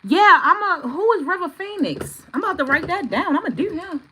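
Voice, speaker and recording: A woman doing a live tarot reading, chatting with viewers, excitable and swearing freely. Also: very high-pitched, brisk, low-quality recording. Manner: excitable, swearing, bursts into shouts. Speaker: tarot reader.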